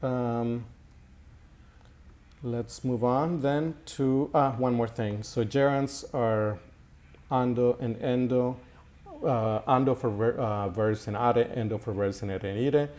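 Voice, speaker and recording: A man teaching an Italian grammar lesson in a slow, halting way, with many fillers and repeated words. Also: medium pitch, fairly even intonation, a little mellow. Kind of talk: recorded language lesson.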